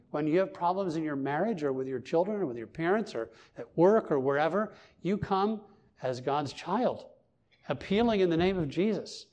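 A man's voice: sits high, darkish tone. A male pastor giving a sermon in an earnest, emphatic way, lifting his voice on key points. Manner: earnest, emphatic preaching with rising stresses.

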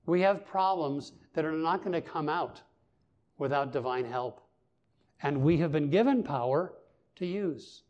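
A slightly high, slightly mellow male voice belongs to a pastor giving a sermon. He sounds earnest and emphatic, lifting his voice to stress key points.

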